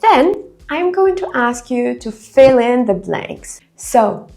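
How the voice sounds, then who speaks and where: Slow, lively-voiced woman teaching English. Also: fairly high pitch, creaky, slight background noise. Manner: careful, deliberate reading of example sentences. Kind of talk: slow, clear quiz narration for learners.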